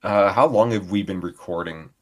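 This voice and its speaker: A man's voice: sits low, moderate pace, breathy edge. A man co-hosting a podcast in casual chat, jokey and playful, always doing bits. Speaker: podcast co-host.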